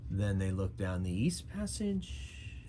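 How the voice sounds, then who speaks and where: A man's voice: deep voice, very animated, slow pace, dark tone, a little hiss or hum. A man narrating a solo tabletop game as game master, in a casual manner that thinks aloud.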